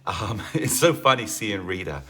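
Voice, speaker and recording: A man's voice: fairly low pitch, very animated, normal speed, sharp tone, breathy edge. A man leading a livestream fitness class, chatting casually with viewers and greeting them by name, with lots of fillers. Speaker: fitness instructor.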